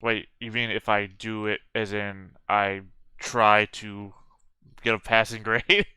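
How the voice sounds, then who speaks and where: A laid-back man talking as a tabletop game player. His voice is low and flat, with a bright, very clear and smooth tone. The recording is dry. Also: takes it slowly, no room sound. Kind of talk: casual tabletop game chat. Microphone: remote call mic.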